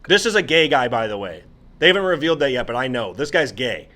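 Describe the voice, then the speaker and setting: A man's voice: medium pitch, fast talker. Amused man explaining a comic. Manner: animated, amused, incredulous storytelling. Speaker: podcast co-host. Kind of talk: casual chat explaining comics.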